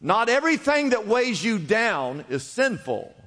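A pastor preaches a sermon in a church, his high, sing-song, slightly bright voice unhurried and carried by long hall reverb. He urges listeners on with rising urgency and repeated phrases.

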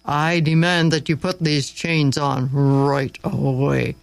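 A man's voice: on the high side, moderate pace, no echo, natural voice. A man voicing a wicked, menacing male slave master who growls, snarls and bellows his orders. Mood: sneering.

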